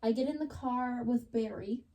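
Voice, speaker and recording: Young woman telling a story, mellow voice. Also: a little high, moderate pace, slight background noise. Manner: chatty, dramatic retelling, lots of "like". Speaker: podcast co-host. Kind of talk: casual chat, storytelling.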